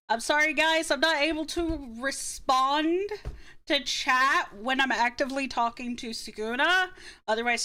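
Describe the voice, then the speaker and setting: A woman streamer chatting casually with viewers, expressive and flustered. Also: a little high. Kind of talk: casual livestream chat.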